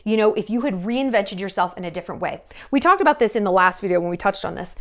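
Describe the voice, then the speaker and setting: A woman's voice: medium pitch, lively intonation, fast. Blunt, gossipy woman vlogger. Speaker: YouTube commentator. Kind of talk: casual commentary vlog.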